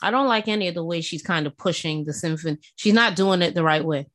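A woman's voice: on the low side, fast talker, a bit bright. A middle-aged woman co-hosting a casual TV recap, laid-back and wry. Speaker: podcast co-host.

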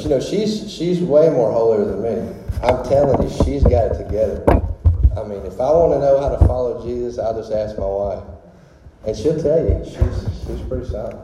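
A man's voice: medium pitch, background noise. A man preaching a casual, rambling testimony sermon full of fillers. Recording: very echoey hall with long reverb.

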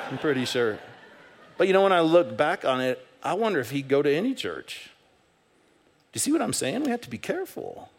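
A man preaching a sermon as pastor, talking in a conversational way and acting out the voices in his stories. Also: on the high side. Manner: animated, conversational, acts out quoted voices. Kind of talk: sermon with storytelling. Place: church sanctuary.

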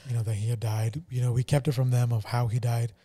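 A man co-hosting a podcast, telling a painful family story in a somber, halting way with many fillers. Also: mid-range voice, level tone, warm tone. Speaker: podcast co-host. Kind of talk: casual personal testimony.

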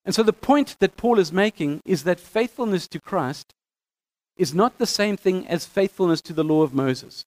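High-voiced man teaching scripture. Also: moderate pace. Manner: animated, reads scripture aloud with emphasis, frequent restarts. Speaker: bible teacher.

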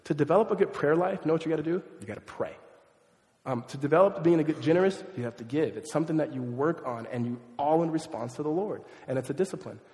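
Male pastor, fairly high voice, chatty animated sermon, reverberant church hall. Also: fast talker. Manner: conversational, animated, self-deprecating asides. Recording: echoey hall, long reverb.

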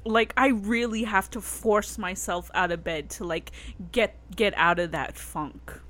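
A woman's voice: medium pitch, steady tone, measured pace, fairly bright tone. A young woman in casual chat, talking in a rambling way with many fillers and restarts.

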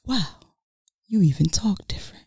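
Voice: medium pitch, expressive, moderate pace, vocal fry, a little mellow, husky, dry recording, voice pushed up, heavily acted. Podcaster doing a teasing teen guy, smug and mocking, dry sound. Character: teasing teen boy who learned her secret.

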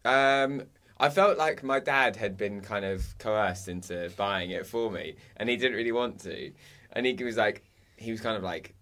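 Recounting a dream in casual conversation, this young podcast co-host rambles along with plenty of "um"s and "I was like." He speaks at a moderate pace in a fairly low, sharp-toned voice.

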